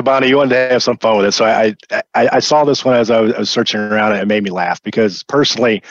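A man's voice: on the low side, dry recording. A man speaking as a panelist, explaining his view hesitantly and often repeating words. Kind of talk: conversational business discussion. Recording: dull dry sound.

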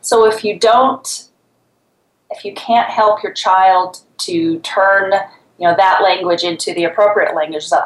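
A woman's voice: medium pitch, a little slow, echoey room, low-quality recording. A woman therapist, a guest on a talk show, explaining things conversationally. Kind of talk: casual chat.

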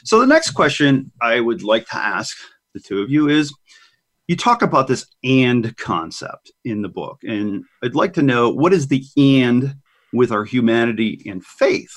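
A man's voice: medium pitch, big pitch swings, measured pace, a bit bright. Male radio host asking questions. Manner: friendly, thoughtful questions. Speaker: radio talk show host. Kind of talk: interviewing guests.

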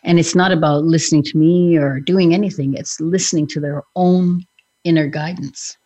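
A woman's voice: deep voice, steady tone, moderate pace, dark tone, dry recording, highs cut off. A woman hypnotherapist co-hosting a podcast, talking earnestly about her work with clients in casual chat. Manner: earnest, speaks from client experience.

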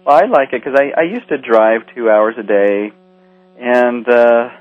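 A man who wrote a book and narrated its audiobook, chatting in an interview, playful and quick to laugh. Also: medium pitch, no room sound, highs cut off. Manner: playful, laughs often, breaks into character voices. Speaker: author and audiobook narrator guest. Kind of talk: casual interview chat.

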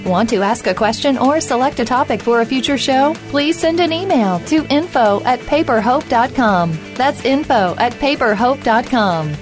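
A woman announcer reading scripted station promos and show bumpers in a bright, promotional way. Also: fairly high pitch, lively intonation, moderate pace, few pauses, over music.

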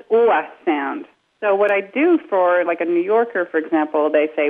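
A woman's voice: low-pitched, expressive, moderate pace. Woman coach from England, phone-line sound. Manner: explains with spoken examples. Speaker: accent coach. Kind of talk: casual radio chat.

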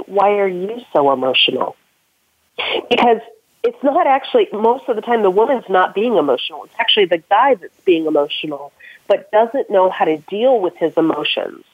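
A woman's voice: medium pitch, dry recording. Woman coaching over a tinny phone line. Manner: earnest, advice-giving, explains step by step. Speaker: guest career coach. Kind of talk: podcast interview answer.

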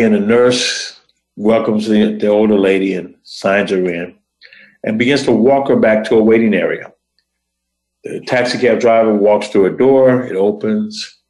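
Lower-voiced man telling a story, roomy echo. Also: darkish tone. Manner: dramatic, deliberate pauses in short phrases. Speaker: host. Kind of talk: motivational storytelling.

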